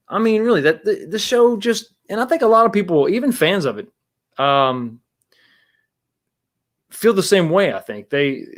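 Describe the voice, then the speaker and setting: A man hosting a casual livestream talk show, rambling with many restarts and greeting viewers in the chat. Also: fairly high pitch.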